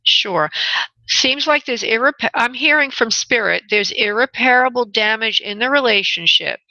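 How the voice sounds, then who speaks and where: Gravelly New woman giving readings. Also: fairly high pitch, lively intonation, normal speed, bright, forceful tone, no room sound, dull audio. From New York. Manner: motherly, calls callers honey, direct and firm. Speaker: radio show host and spirit medium. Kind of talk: call-in radio reading.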